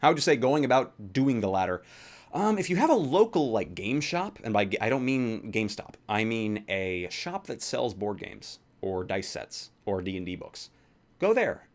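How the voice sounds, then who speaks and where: A man's voice: on the low side, big pitch swings, normal speed. A young man casually answering viewer questions in a rambling, offhand way, swearing here and there. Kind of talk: casual Q&A vlog.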